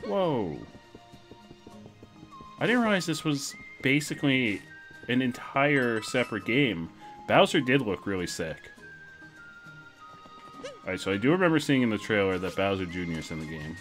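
A young man streaming a video game, commenting casually in an excitable, jokey way. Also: mid-range voice, moderate pace, pauses often, faint music behind.

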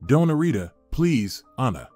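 A man voicing a grieving young man who speaks in a pleading, halting way. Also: mid-range voice, sing-song, dark tone, dry recording, soft background music.

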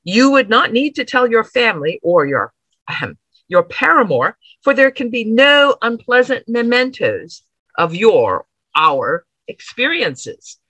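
A woman's voice: a little high, sing-song, unhurried, bright, forceful tone, no echo, full character voice, rough recording. Woman putting on a leering old lawyer. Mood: insinuating. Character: lecherous elderly male lawyer, oily and menacing.

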